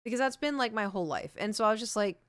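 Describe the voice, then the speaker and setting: A woman's voice: medium pitch, lively intonation, very fast, fairly bright tone, no room sound. Young female streamer, rambly and self-mocking, chatty fillers, dead-dry studio mic. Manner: rambling, self-deprecating, laughs often, many fillers. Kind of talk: casual live-stream chat. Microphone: large studio microphone.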